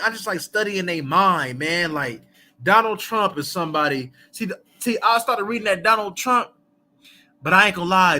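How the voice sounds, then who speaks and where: Bright-voiced man rambling casually. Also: fairly high pitch. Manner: rambling, loose, full of fillers and asides; laughs often between thoughts. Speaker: host of a live book chat. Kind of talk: casual livestream chat.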